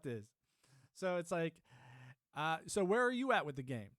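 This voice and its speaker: A man's voice: a little high, sing-song, moderate pace, fairly bright tone, no echo, studio quality. A man from Arizona chatting casually on a livestream, rambling and talking to his viewers. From Arizona, United States. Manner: rambling, chatty, greets chat viewers by name. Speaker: livestream host.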